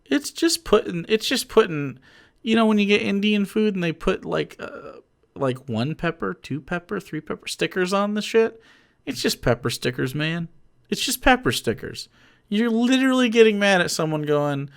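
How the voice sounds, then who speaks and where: Swearing, lively-voiced male streamer. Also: high-pitched, measured pace. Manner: profane, ranting, laughs a lot, swings between mumbling and yelling. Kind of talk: livestream reaction commentary.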